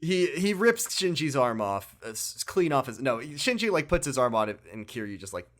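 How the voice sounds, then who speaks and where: With a medium-pitched voice at an ordinary speed, a man on a podcast he co-hosts casually narrates a video game story. He is animated and laughing, acting out each character's lines.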